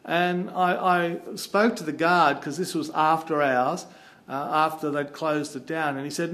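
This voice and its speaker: A man from Australia with an Australian accent, telling a travel story in a chatty, animated way. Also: on the high side, unhurried. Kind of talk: casual anecdote.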